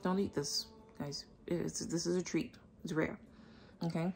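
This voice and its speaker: A woman's voice: fairly low pitch, steady tone, unhurried, vocal fry, darkish tone, a little hiss or hum. A woman vlogger chatting to camera at home in a rambling, enthusiastic way. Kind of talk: casual chat to camera. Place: at home indoors.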